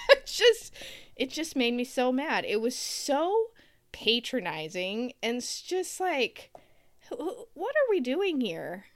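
A woman's voice: sits high, very animated, slow pace, no echo, clean studio sound. A woman co-hosting a casual talk show, ranting sarcastically and laughing as she talks. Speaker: podcast co-host. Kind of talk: casual chat.

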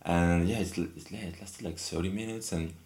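A man's voice: sits low, fairly even intonation, moderate pace, darkish tone. A man in casual conversation, telling a long story in a rambling, hesitant way with many repeats and restarts. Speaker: guest.

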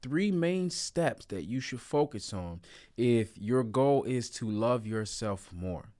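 A man's voice: mid-range voice, expressive, slow pace, a little mellow. A man giving a self-help talk to viewers in an earnest, coaching way, repeating key phrases and stretching words for emphasis. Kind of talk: motivational talk to camera.

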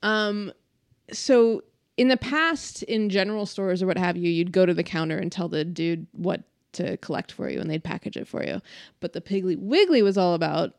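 A woman's voice: fairly low pitch, moderate pace, no echo. Woman podcast host rambling casually, says like a lot, dry close sound. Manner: chatty, laughing, uses "like" a lot. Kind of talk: casual chat.

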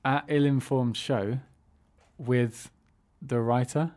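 A man's voice: medium pitch, steady tone, slow, a little mellow. A man co-hosting a comedic radio show in a studio, chuckling and easygoing as he signs off. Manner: laid-back, chuckling, wraps up the show. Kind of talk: casual comedic radio chat.

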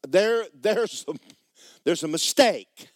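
A humble, bewildered young woman, put on by a male preacher, cries out in a high, strained voice. Her words come slow and loud. The sound is close and dry. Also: animated, no echo. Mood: pleading, bewildered. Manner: high-pitched, loud, pleading.

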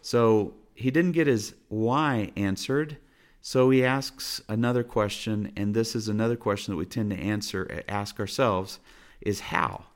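A man's voice: on the low side, a little slow. A man preaching a sermon from his family's dinner table, earnest and exhorting, driving points home with repeated phrases. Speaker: pastor.

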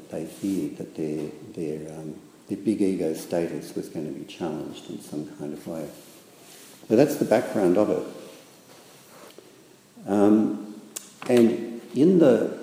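A man giving a reflective spiritual talk in a thoughtful, hesitant way, with many pauses and fillers. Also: sits low, dark tone. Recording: echoey hall with long reverb.

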